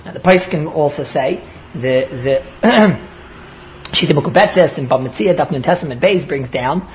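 A man's voice: fairly high pitch, lively intonation, moderate pace, highs cut off, slight background noise. A man giving a daily Talmud lecture in an earnest way, often restarting and repeating words as he explains. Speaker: Talmud teacher.

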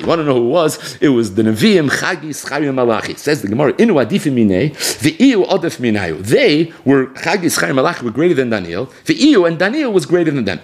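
A man giving a Talmud class lecture, quoting a passage and then explaining it in quick, emphatic bursts. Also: on the high side. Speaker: Talmud teacher.

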